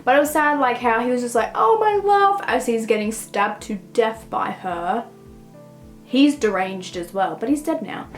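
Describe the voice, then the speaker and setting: In a low-quality recording, a young woman with a fairly high voice rambles at a moderate pace through a casual review of a book. Her speech is packed with "like," and quiet music sits in the background.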